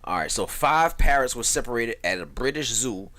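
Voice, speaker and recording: A man's voice: mid-range voice, expressive, moderate pace, sharp tone. A man hosting a podcast, joking crudely and reading out news items in casual banter. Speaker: podcast host.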